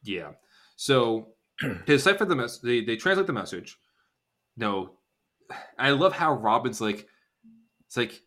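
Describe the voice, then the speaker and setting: A man co-hosting a podcast in casual chat, rambling through an episode recap and acting out characters' lines in quick bursts. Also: mid-range voice, big pitch swings, bright, forceful tone. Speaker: podcast co-host.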